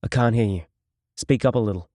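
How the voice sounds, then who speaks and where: A man voicing a calm, confident male prison guard who talks in a relaxed, dismissive way, for an audiobook. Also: on the low side, brisk, no echo, studio quality, lightly acted.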